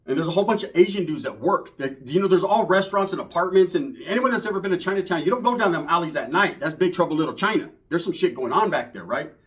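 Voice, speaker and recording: A man's voice: on the high side, animated, fast, few pauses. A man telling a rambling, profane street story in casual slang, full of asides. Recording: voice from far off the mic.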